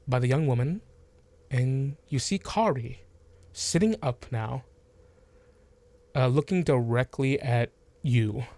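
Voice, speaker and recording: A man running a tabletop fantasy game as game master, narrating slowly with many fillers and restarts. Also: medium pitch, dry recording.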